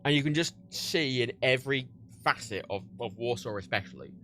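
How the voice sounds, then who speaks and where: A man's voice: medium pitch, animated, fairly quick, pushed and bright, slight background noise. A young man from Ireland chatting casually on a livestream while he packs orders, rambling, swearing and laughing at himself. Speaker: livestream host.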